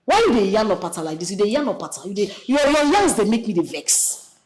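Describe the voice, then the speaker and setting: Woman playing a bossy Nigerian street hustler, lively high voice, noisy background. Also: quick pace, natural voice. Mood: scolding. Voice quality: loud, bossy, Pidgin-speaking. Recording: noisy film scene audio.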